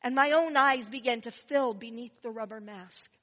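Expressive lady telling a story, goes loud then hushed, highish voice, echoey reverb. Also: moderate pace. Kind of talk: first-person story narration.

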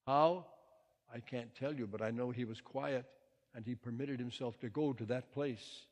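Guy giving a sunday sermon, calm and thoughtful, mid-range voice, big echoey hall. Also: mid-range voice, normal speed. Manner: gentle, reflective, reads quotes and poems with rising intensity. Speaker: minister. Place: church sanctuary. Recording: long reverb of a large hall.

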